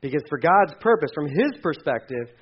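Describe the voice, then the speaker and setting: A man preaching a sermon in a conversational, animated way, acting out quoted voices. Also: a little high, fairly quick, breathy edge, dull audio. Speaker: pastor.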